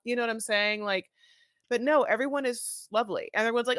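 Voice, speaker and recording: Bright-voiced chatty woman podcaster. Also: fairly high pitch, expressive, fast, no room sound. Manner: rambling, many filler "like"s, acts out quotes. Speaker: podcast co-host. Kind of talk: casual podcast chat.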